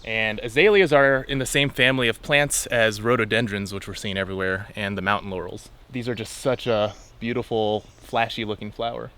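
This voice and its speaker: A man's voice: on the low side, steady tone, brisk, hardly any pauses, pushed and bright, clean tone. A man on a forest hiking trail, chatting casually and explaining the plants he sees with enthusiasm, laughing often, recorded on a camera mic outdoors. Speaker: hiker identifying plants.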